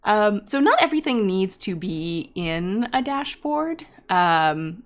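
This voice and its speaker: A woman hosting and teaching a live online class, talking off the cuff and straight to her viewers, with many ums and restarts. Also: on the low side. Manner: talks straight to viewers in chat. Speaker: instructor hosting a data science livestream. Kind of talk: unscripted livestream teaching.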